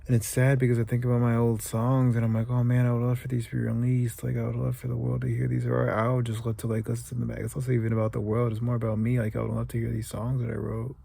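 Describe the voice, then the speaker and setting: A man's voice: medium pitch, monotone, quick pace, vocal fry, few pauses, warm tone, no echo. A young man from the United States talking through a rambling, emotional confessional vlog, close to tears and sometimes dropping to a whisper. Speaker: vlogger.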